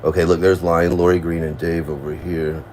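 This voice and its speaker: A man's voice: low voice, little pitch movement, moderate pace, darkish tone, slight background noise. A man in casual rambling commentary, laughing and accusatory as he goes over an online feud.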